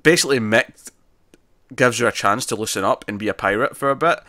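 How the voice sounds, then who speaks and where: A man's voice: mid-range voice, a little fast, bright, forceful tone, dry recording, studio quality. A man co-hosting a podcast, chatting casually about TV episodes and rambling with frequent restarts. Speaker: podcast co-host. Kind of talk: casual TV review chat.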